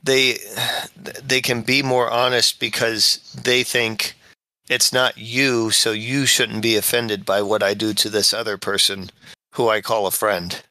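A man co-hosting a casual podcast, chiming in with quick jokes and interjections. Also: lowish voice, flat delivery, pushed and bright, no echo, poor audio. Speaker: podcast co-host. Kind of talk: casual group chat.

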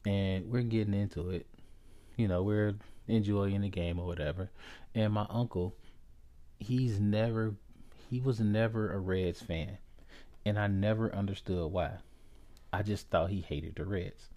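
A man in his forties from Ohio, hosting a podcast and telling a personal story, unhurried and halting, with frequent restarts. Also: fairly low pitch, fairly even intonation, mellow. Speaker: podcast host.

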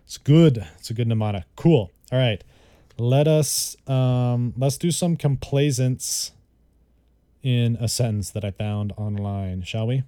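A man's voice: mid-range voice, unhurried, mellow, clean tone, dry recording. A man giving a casual vocabulary lesson. He chats and repeats words and spells them out. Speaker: vocabulary tutor.

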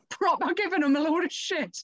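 A woman's voice: very high voice, normal speed, dry recording, dull audio. A woman co-hosting a podcast in casual chat, sweary and laughing as she retells film scenes. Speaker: podcast co-host.

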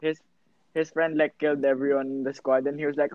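High-voiced young man, teasing and laughing. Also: flat delivery, fairly quick, no echo, muffled recording. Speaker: podcast co-host. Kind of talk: casual chat.

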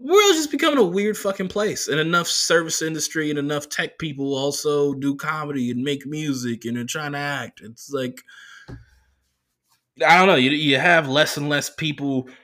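Bright-voiced, profane storytelling comedian. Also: male voice, medium pitch. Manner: profane, rambling, animated. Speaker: comedian and podcast host. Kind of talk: casual solo podcast storytelling.

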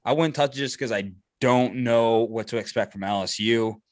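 A man's voice: mid-range voice, moderate pace, a loud crowd. A man co-hosting a sports podcast, giving emphatic opinions with stammered restarts and ribbing his friends. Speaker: podcast co-host. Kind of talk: casual sports betting chat.

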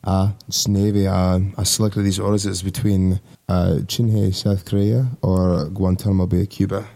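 Low gravelly young man, Midwestern accent. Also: normal speed. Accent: Midwestern American, put-on. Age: 20s. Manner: relaxed, rambling, laughs easily. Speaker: guest, Navy sailor and guitarist. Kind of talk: casual interview chat.

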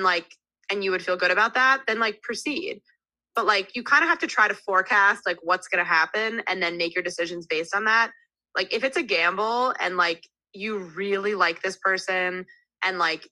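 A woman's voice: on the low side, dry recording, poor audio. A woman in her thirties, a podcast guest in casual chat, telling stories candidly and animatedly with lots of "like". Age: 30s. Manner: candid, animated storyteller full of "like" fillers.

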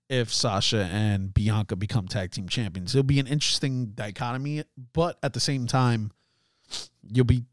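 A man's voice: mid-range voice, no echo, studio quality. A man hosting a casual solo commentary show, chatty, laughing at himself and restarting his sentences often. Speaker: podcast host.

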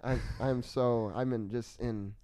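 A man's voice: medium pitch, fairly even intonation, measured pace, warm tone. A young man guesting on a podcast, chatting casually and playfully, often hamming it up. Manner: joking, playfully over-dramatic. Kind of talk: casual chat.

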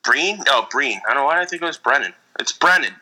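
A man co-hosting a casual podcast, rambling through an animated story with frequent laughs. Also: medium pitch, quick pace, low-quality recording. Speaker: podcast co-host. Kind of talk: casual chat.

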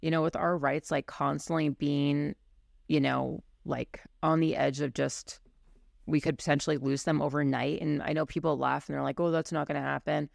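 Gravelly, blunt woman on a podcast. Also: low voice, little pitch movement, moderate pace, dry recording, studio quality. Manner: candid and blunt, many fillers like "you know". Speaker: podcast co-host and firearms instructor. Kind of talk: casual podcast chat.

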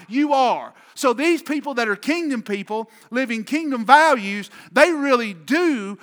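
A man's voice: very high voice, a bit bright, long reverb tail. A man pastor preaching a sermon with an emphatic, repetitive cadence, speaking in a church sanctuary.

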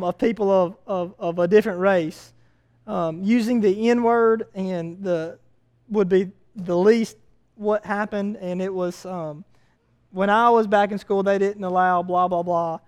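A man's voice: high-pitched, fairly even intonation, slow, clean tone. A man preaching a sermon as pastor, telling stories in a conversational way with frequent fillers. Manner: conversational storytelling with hesitant fillers.

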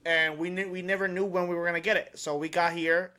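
Halting higher-voiced man on a podcast. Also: level tone, bright, forceful tone. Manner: halting, searching for words. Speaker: podcast co-host. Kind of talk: casual podcast chat.

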